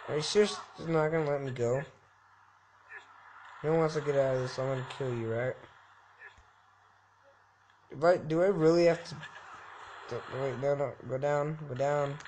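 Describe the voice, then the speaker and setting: A man's voice: on the high side, normal speed, long pauses, a little mellow, a little hiss or hum. A young man giving goofy, jokey let's-play commentary, talking back to the game's characters. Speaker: gaming YouTuber.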